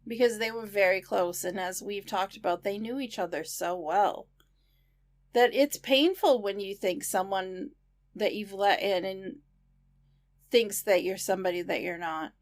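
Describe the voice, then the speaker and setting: A young woman co-hosting a casual movie podcast. Her voice sits at a middle pitch, and her delivery is friendly and conversational. She often works through her thoughts out loud as she speaks. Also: unhurried. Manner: chatty, agreeable, thinks aloud. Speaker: podcast co-host. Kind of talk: casual film discussion.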